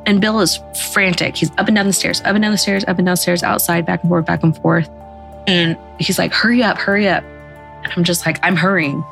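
Young woman, interview, emotional vivid retelling, slightly low voice, faint music behind. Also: flat delivery, quick pace, gravelly, fairly bright tone. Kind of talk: recounted personal story.

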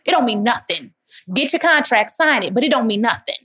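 A woman's voice: fairly high pitch, lively intonation, fairly quick, sharp tone, husky, no room sound. Emphatic motivational woman, dry sound. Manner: emphatic, motivational, calls listeners baby. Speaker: guest speaker answering audience questions. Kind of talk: live Q&A talk.

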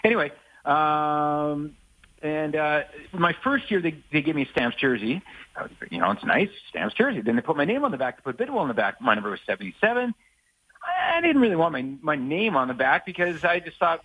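A man's voice: a little high, very animated, a little fast, pushed and bright, no room sound, low-quality recording. A man from Saskatchewan co-hosting a sports radio show, telling rambling anecdotes full of fillers and restarts. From Saskatchewan, Canada. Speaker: sportscaster co-host. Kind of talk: casual radio chat, storytelling.

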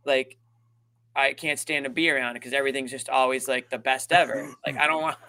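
A man's voice: mid-range voice, steady tone, a little fast, bright, forceful tone, clean tone. A man co-hosting a postgame sports show, talking emphatically and venting his frustration about the game. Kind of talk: sports postgame analysis chat.

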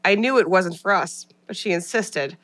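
An American woman co-hosting a casual podcast, animated and playful, often repeating words as she talks and reads a listener's review aloud. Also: on the low side, moderate pace. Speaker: podcast co-host.

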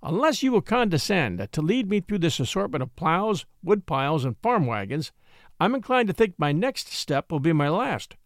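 A man's voice: fairly high pitch, very animated, normal speed, no echo, clean studio sound. A man reading an audiobook, voicing a gallant young male attorney who pants and jokes dryly. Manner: panting, dryly humorous.

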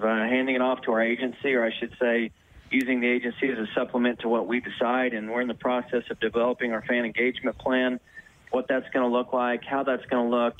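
A man who runs a football club, interviewed on the radio, answering in measured corporate phrasing. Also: mid-range voice. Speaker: football club president, phone guest. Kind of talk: radio interview over the phone. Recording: tinny phone line.

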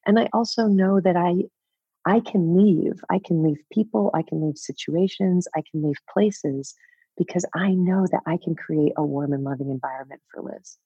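A woman's voice: lowish voice, moderate pace, dark tone, husky, dry recording, muffled recording. A woman in her fifties, a guest author speaking candidly in an interview, laughing often and swearing casually. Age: 50s.

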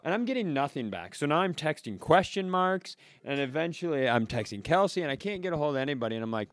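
A man's voice: fairly high pitch, sing-song, quick pace, hardly any pauses, dry recording, clean studio sound. A man co-hosting a comedy podcast, telling stories in a rambling, self-mocking way. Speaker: podcast co-host. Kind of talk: casual comedic chat.

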